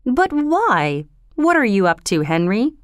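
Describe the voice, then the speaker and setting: A woman voicing a stern, kindly older society mother with a sharp, scolding way of speaking, in a storybook reading. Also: fairly high pitch, very animated, unhurried, no echo, clean studio sound.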